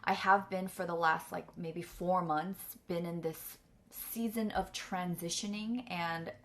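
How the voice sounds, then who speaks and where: A woman's voice: fairly low pitch, steady tone, measured pace, a bit bright. A young woman telling a personal story candidly, full of fillers and close to tears. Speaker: vlogger and coach.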